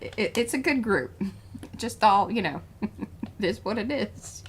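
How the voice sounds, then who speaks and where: Female co-host, off-mic, animated pitch, supportive. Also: a little slow, slight background noise. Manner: supportive, chiming in with short remarks.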